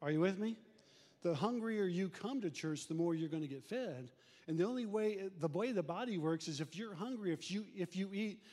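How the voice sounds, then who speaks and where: A middle-aged male pastor preaching a conversational sermon, animated and acting out church members. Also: sits high, moderate pace. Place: church sanctuary. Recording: long reverb of a church hall.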